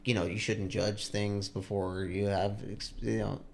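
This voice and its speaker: A man's voice: fairly low pitch, little pitch movement, a little slow, creaky. A young man on a podcast telling a long story in a casual, rambling way, full of likes and restarts. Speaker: podcast co-host.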